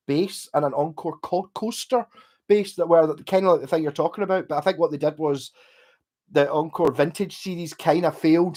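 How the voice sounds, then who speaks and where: Rambling tipsy Scottish man, slightly high. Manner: rambling, swears heavily. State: tipsy from drinking. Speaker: live stream host. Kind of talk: casual live stream chat.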